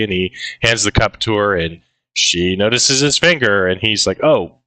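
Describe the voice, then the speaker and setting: A man's voice: fairly low pitch, animated, normal speed, sharp tone, no echo, low-quality recording. A man co-hosting a casual film discussion, recapping scenes in a laid-back way with frequent fillers and quoted lines. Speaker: podcast co-host.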